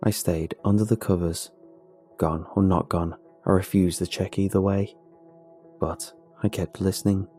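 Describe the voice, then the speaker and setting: A man narrating a scripted horror story in a measured, somber way. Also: low-pitched, fairly even intonation, warm tone, soft background music.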